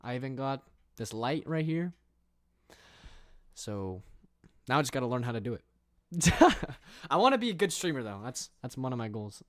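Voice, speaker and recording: A young man in his twenties rambles through a casual livestream chat, answering viewer comments with an easygoing, self-mocking manner. His voice sits at an ordinary middle pitch. The sound is dry and close, with hardly any room in it. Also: very animated, normal speed, a bit bright, dry recording. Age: 20s. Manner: rambling, easygoing, laughs at himself. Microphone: desk microphone and headset.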